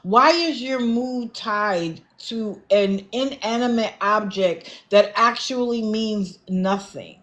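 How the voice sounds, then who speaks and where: A woman's voice: fairly high pitch, slow, few pauses, fairly bright tone. A woman doing casual livestream commentary, blunt and lecturing, with an exasperated edge. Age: adult, not young.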